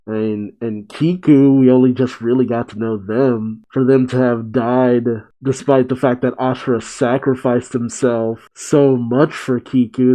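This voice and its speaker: Male reaction host, relaxed and reflective, very mellow, dark tone. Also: mid-range voice, rough recording. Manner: casual, reflective, laughs while reading. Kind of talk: casual reaction, reading a comic aloud.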